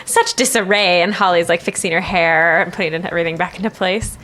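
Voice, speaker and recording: A woman's voice: fairly low pitch, fairly quick, bright, forceful tone. Friendly woman playing a tabletop character. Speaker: player. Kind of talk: tabletop role-play.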